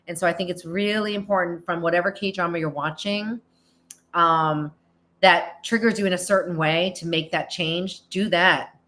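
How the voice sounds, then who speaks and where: In a casual Q&A podcast monologue, a middle-aged American woman responds to listeners, restarting often and acting out small quoted lines. Her voice is fairly low-pitched with a bit of brightness.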